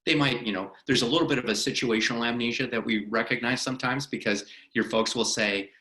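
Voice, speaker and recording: A middle-aged male attorney gives a workplace training in a lively, conversational way, now and then playing out courtroom questions. His voice is crisp and bright. The room carries a clear echo. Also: mid-range voice, quick pace. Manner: animated, acts out courtroom questioning. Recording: roomy echo of a meeting room.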